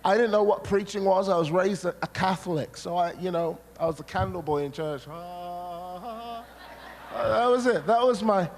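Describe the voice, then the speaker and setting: Preacher, male, high voice, lively storyteller, church hall with long reverb. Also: normal speed, a little hiss or hum. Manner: animated storytelling, acts out his own past words, bursts of shouting. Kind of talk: sermon testimony.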